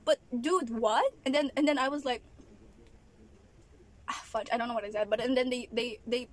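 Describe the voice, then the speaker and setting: A woman's voice: on the high side, steady tone, moderate pace, pauses often. A woman from the Philippines, venting in a casual vlog while chewing her food between exasperated remarks. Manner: exasperated ranting with frequent laughs. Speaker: vlogger. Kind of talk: casual eating vlog rant. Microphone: camera at an angle.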